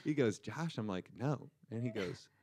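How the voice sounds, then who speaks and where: A young man co-hosting a podcast, telling a story in a deadpan way and acting out the dialogue. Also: fairly low pitch, normal speed. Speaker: co-host. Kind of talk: casual storytelling chat.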